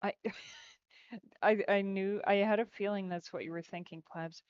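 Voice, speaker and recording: Slow, giggly woman developer chatting. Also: medium pitch, fairly even intonation, clean tone, dry recording. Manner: giggly, rambling. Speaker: game developer. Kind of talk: casual chat while working on a livestream. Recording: dull lo-fi stream audio.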